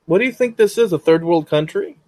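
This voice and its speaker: A man's voice: sits high, animated, a little fast, darkish tone, no echo. A man hosting a podcast in casual chat, rambling and often saying frickin'. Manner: rambling, says frickin' a lot. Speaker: podcast host.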